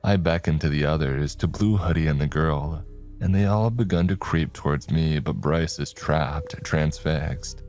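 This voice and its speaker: A man narrating a scripted horror story in a slow, measured way. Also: very deep voice, darkish tone. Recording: faint background music.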